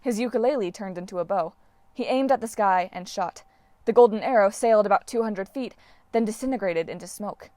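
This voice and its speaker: A woman's voice: mid-range voice, fairly quick, no echo. Woman narrating a novel, dry close sound. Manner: steady, clear storytelling narration. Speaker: audiobook reader. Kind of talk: reading a novel aloud.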